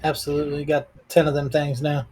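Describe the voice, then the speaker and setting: Excitable male co-commentator, higher voice. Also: a little fast, soft background music. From Midwest. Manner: excitable, banters and cheers. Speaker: game co-commentator. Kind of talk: casual live commentary.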